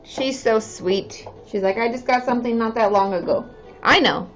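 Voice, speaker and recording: Speaking at a moderate pace in a fairly high voice, a woman in her thirties who works as a therapist chats bubbily with viewers on a casual live stream and cheers frequently. Faint music plays behind a slightly dull recording.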